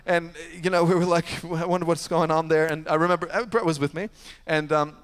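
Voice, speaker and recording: A male pastor preaching a sermon, telling a story with sudden shifts between loud, emphatic preaching and hushed asides. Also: a little high, steady tone, a little fast, smooth. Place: church sanctuary. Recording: long church hall reverb.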